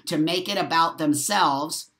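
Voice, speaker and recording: A man's voice: on the high side, measured pace, a bit bright. A man hosting a casual live stream, reading viewer comments and answering them in a heated, emphatic way. He swears freely and speaks straight to his viewers, wired on coffee after a poor night's sleep. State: over-caffeinated and short on sleep.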